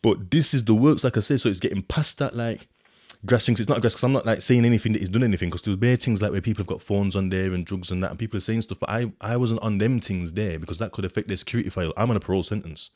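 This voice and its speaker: A deep-voiced man, rambling casually in street slang with plenty of fillers. His voice sits low. The recording is dry and close, with no room sound. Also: fast talker, darkish tone, dry recording. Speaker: podcast host telling his prison experiences. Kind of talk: casual monologue, reading out a report.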